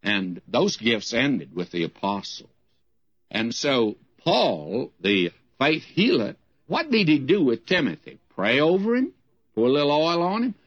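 A man's voice: mid-range voice, big pitch swings, measured pace, no room sound, dull audio. An older man from the United States giving folksy, emphatic Bible teaching, with rising questions.

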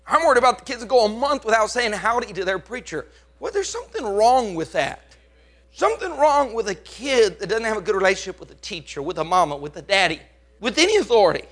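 A male pastor delivers a sermon in a high, bright, forceful voice. He is emphatic, dropping to hushed lines and then rising to loud ones. He keeps throwing questions at the congregation. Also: very animated, fast talker. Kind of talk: preaching a sermon.

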